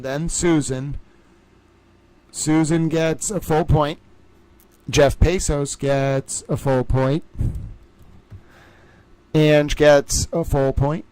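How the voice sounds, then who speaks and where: A man hosting a livestream trivia game, reading out names and scores and chatting with viewers in a lively way. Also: a little high, clean tone, no room sound. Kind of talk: casual livestream chat.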